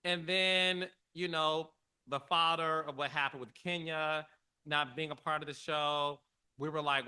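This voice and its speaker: A middle-aged man hosting a podcast, giving casual, emotional commentary with dramatic pitch swings. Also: steady tone, unhurried, pushed and bright, clean tone. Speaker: podcast host.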